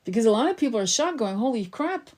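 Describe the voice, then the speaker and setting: Speaking rapid-fire in a fairly high, darkish voice with big swings in pitch, this woman addresses her audience as a tarot reader and spiritual coach. She rambles earnestly through a casual spiritual lesson, frequently restarting sentences and repeating words.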